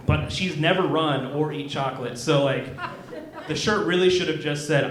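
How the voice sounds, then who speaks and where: Young man, stand-up comic, hesitant and self-deprecating, slightly high voice, roomy club sound. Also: animated, measured pace, pauses often, noisy background. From Kansas. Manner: awkward, self-deprecating, hesitant with many ums. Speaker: stand-up comedian. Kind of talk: stand-up set. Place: comedy club stage. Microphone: handheld stage mic. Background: audience laughter.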